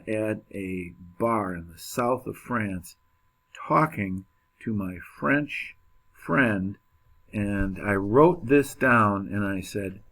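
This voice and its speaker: A man gives a chemistry lecture at an unhurried pace, his voice sitting on the low side. He talks casually, cracks small jokes and fills gaps with ums and uhs. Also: fairly bright tone. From United States. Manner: casual, joking, with many fillers and restarts. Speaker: chemistry teacher. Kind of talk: classroom lecture.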